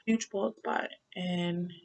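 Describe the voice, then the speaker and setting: A woman's voice: fairly low pitch, fairly even intonation, slow, gravelly, darkish tone, low-quality recording. A young woman telling her own story in a loose, conversational way, repeating her phrases. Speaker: survivor sharing her story. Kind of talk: casual personal storytelling.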